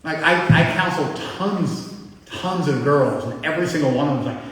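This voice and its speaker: A man's voice: a little high, animated, normal speed, fairly bright tone, a little hiss or hum. A middle-aged man, a spiritual teacher, giving a blunt, conversational lecture to a class and quizzing the audience. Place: large hall with a live audience. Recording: echoey hall from a distance.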